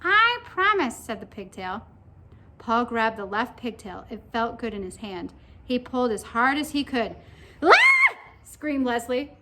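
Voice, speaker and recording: A woman narrating a children's story aloud with expressive storytelling. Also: on the high side, measured pace, background noise.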